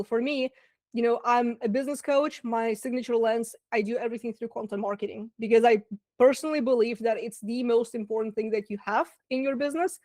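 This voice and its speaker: A woman's voice: a little high, a little mellow, no room sound. Chatty woman with a Russian accent. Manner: chatty, lots of fillers and asides. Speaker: business coach. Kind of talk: webinar masterclass talk.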